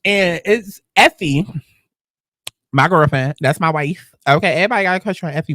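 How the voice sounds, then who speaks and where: A woman's voice: normal speed, no room sound, clean studio sound. A woman hosting a casual TV episode recap, talking bluntly with lots of profanity. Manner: animated, blunt and profane, with sudden jumps in pitch. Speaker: TV recap host.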